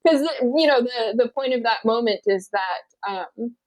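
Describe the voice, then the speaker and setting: A woman, an actor guest in a casual interview, talking in a chatty way with restarts and quick laughs. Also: on the high side, a little mellow, dry recording, low-quality recording. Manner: chatty, many restarts and likes, laughs easily.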